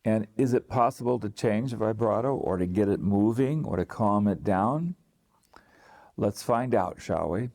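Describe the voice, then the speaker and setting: A man teaching singing, explaining calmly to camera with many restarts and short sung demonstrations. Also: lowish voice, measured pace. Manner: relaxed, thinking aloud with restarts and sung demonstrations.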